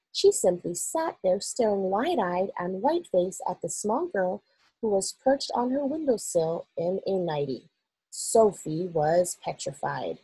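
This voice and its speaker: Brief: woman narrator, husky storybook voice, expressive and measured. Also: mid-range voice, dry recording, rough recording. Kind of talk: reading a children's novel aloud.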